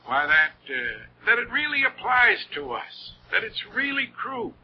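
A man's voice: high voice, big pitch swings, measured pace, breathy edge. A man preaching a sermon in an earnest, heartfelt way, with rising emphasis on key words. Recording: dull lo-fi old recording with faint noise.

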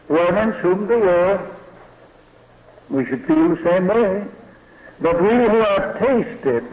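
Man preaching a sermon, slow and deliberate, rhetorical questions, slightly high voice, long hall echo. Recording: dull lo-fi recording in a reverberant hall.

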